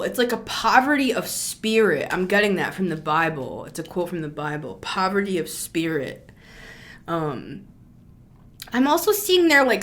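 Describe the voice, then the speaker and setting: A woman's voice: medium pitch, a bit bright. A woman giving a casual spoken tarot reading as a channeler, chatty and blunt, with lots of filler words and some swearing.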